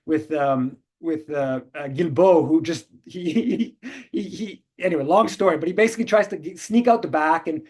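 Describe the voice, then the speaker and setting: A man's voice: fairly high pitch, moderate pace, a little mellow, husky. A man hosting a call-in show, telling stories in a rambling way with many restarts. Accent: Canadian English. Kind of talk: casual storytelling and commentary.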